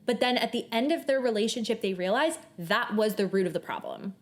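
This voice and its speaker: Casting: young adult woman, podcast co-host, earnest and animated, reads passages with feeling. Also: a little high, a little fast. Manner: animated, earnest, reads quotes aloud at length. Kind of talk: casual book discussion. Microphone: shared table mic.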